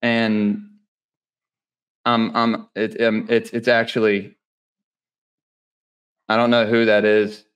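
A man from Mississippi, joining a podcast as a guest over a call from home. His voice sits fairly low. He talks loosely, peppering his speech with "dude" and "bro". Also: monotone, slow, pauses often, a bit bright, clear, resonant tone. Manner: slangy, says "dude" and "bro" a lot. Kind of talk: casual podcast chat.

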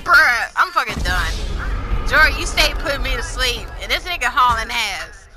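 High-voiced woman trash-talking over gameplay. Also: animated, moderate pace. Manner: loud, playful trash talk with bursts of laughter. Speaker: gaming streamer. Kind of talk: casual live-stream commentary. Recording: gameplay music underneath. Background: game gunfire and music.

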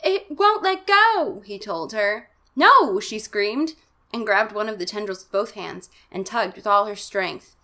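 A woman's voice: mid-range voice, fairly even intonation, measured pace, fairly bright tone. A young woman hosting a comic reading of a children's horror book, mixing dramatic narration with sarcastic, irreverent asides and putting on exaggerated voices for the characters. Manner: sarcastic, irreverent commentary with profanity.

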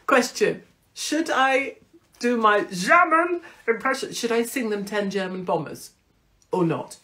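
A woman's voice: a little high, expressive, measured pace, pushed and bright. A middle-aged British woman hosting her own show, talking in a brash, self-mocking monologue full of swearing. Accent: British English. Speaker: host. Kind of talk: casual monologue.

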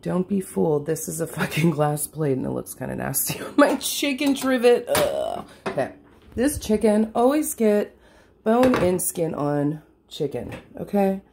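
Home cook vlogger, female, low gravelly voice, foul-mouthed and rambling, slightly wheezy. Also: big pitch swings, unhurried, noisy background. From California. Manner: swears constantly, rambling and self-mocking. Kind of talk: casual cooking vlog. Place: home kitchen.

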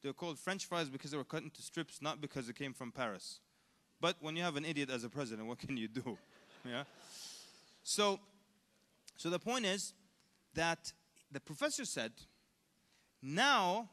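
Animated male lecturer in an echoey hall. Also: on the high side, normal speed, long pauses. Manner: animated, conversational, quizzes the audience. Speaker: Islamic lecturer. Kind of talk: convention lecture. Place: large convention hall.

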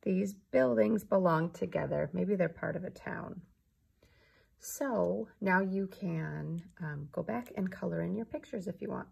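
A woman's voice: on the low side, unhurried, gravelly, a little mellow, slightly rough. A woman teacher leading an early reading lesson, patient and sounding out words step by step.

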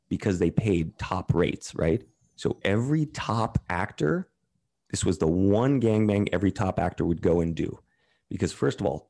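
A man with a very low, mellow voice tells his story in a loose, candid way. He drops swear words freely and slips into other people's voices when quoting them. He sounds relaxed and unhurried. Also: vocal fry, husky. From Canada. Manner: candid, profane, retells quotes in others' voices. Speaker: podcast guest. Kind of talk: casual storytelling.

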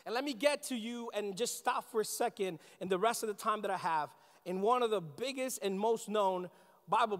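Guy pastor preaching, really high voice, big church hall reverb, talks right at the crowd. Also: fairly bright tone. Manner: emphatic, addresses congregation directly, slows for scripture reading. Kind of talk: sermon. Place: church sanctuary.

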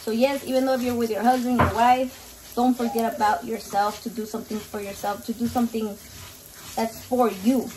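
A Mexican-American cooking vlogger in her thirties rambles and swears while cooking in her home kitchen, mixing Spanish into her English in a casual vlog chat. Her voice is fairly high, steady and fairly quick. The mic sits slightly distant, with faint background noise.

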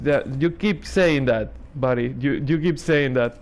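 A man's voice: mid-range voice, animated, unhurried, a little mellow. A man giving sarcastic, nervous commentary while playing a horror game, swearing and laughing when scared. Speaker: gaming streamer. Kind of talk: let's play commentary.

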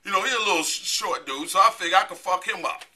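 A man's voice: high-pitched, quick pace, sharp tone. A middle-aged man hosting a comedic promo, delivering a brash, profane rant with a repeated catchphrase. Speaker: host of comedy promo bit.

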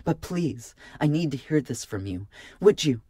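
A man voicing an earnest young priestess in an audiobook, raising his voice to a pleading, breathless pitch. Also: moderate pace, mellow, no echo, clean studio sound, natural voice.

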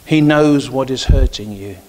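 A middle-aged male pastor preaching in church at an ordinary pitch for a man. He moves from easy anecdotes into firmer, emphatic points, pressing his key lines home. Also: measured pace, darkish tone. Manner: storytelling, grows emphatic and preachy. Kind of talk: sermon with personal stories.

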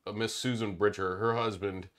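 Male co-host, low voice, relaxed, reads comments. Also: normal speed. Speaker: co-host reading viewer questions. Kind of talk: casual chat.

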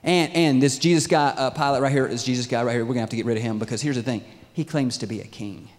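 A man voicing scheming male religious leaders, loud and insistent in casual slang, in a reverberant hall. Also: mid-range voice, racing, close to an everyday voice.

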